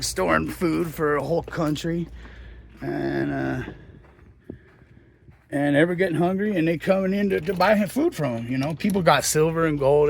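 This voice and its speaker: A man's voice: on the high side, vocal fry, slight background noise. A middle-aged man, a hotel host, retelling a Bible story in a loose, slangy, rambling way. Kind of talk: casual storytelling.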